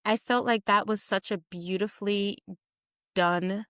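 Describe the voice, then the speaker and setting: A young woman co-hosting a podcast in casual chat, animated and jokey, acting out quotes. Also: mid-range voice, unhurried, no echo, clean studio sound. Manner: animated, jokey, calls co-host "friend", acts out quotes. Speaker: podcast co-host.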